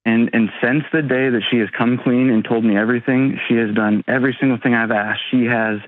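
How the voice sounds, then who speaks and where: A man in his thirties calling an advice show, talking haltingly with many pauses and ums. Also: medium pitch, fairly even intonation, no echo. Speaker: caller. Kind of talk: call-in advice talk. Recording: tinny phone line.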